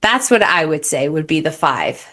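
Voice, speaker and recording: A woman's voice: low-pitched, very animated, normal speed, sharp tone. A young adult woman, a relationship coach, talking bluntly and animatedly in a candid podcast conversation, slipping into acted-out voices.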